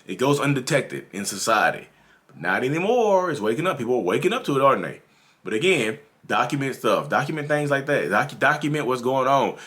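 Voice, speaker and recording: A man's voice: mid-range voice, very animated, fairly quick, a bit bright. A man from North Carolina with a Southern drawl, talking earnestly and repetitively to his viewers as the host of his own channel. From North Carolina, USA. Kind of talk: casual advice monologue.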